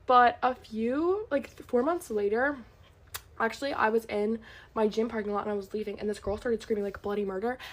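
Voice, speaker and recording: A woman's voice: on the high side, normal speed, a little hiss or hum. A young woman telling a personal story in a casual, rambling way, full of fillers and acted-out quotes. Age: young adult. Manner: rambling, filler-heavy, animated retelling.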